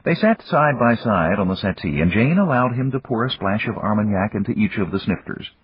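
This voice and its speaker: Husky guy narrating an audiobook, low voice, dull lo-fi sound. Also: animated, fairly quick, dry recording. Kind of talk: scripted narration. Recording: dull lo-fi, dry recording.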